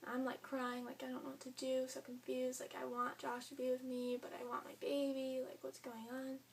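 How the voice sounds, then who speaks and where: A young female vlogger tells her own story casually and chattily, full of "like" and quoting other people in her own voice. Her voice is high and creaky, with a completely flat delivery at normal speed. The recording has a faint hum, and she sounds a bit far from the mic.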